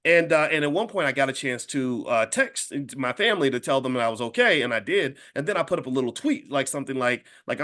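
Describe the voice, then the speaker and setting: A man in his fifties telling a story casually to an audience, animated and speaking directly to his listeners. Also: mid-range voice, fast talker, hardly any pauses. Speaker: speaker and wealth educator.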